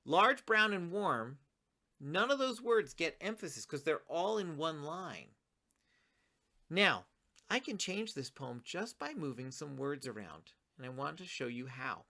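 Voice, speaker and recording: A woman teaching a writing lesson to children, encouraging and talking straight to her students, reading her own poem slowly with a pause on each word. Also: low-pitched, big pitch swings, fairly bright tone. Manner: reads her poem slowly, pausing on single words; encouraging, addresses students directly.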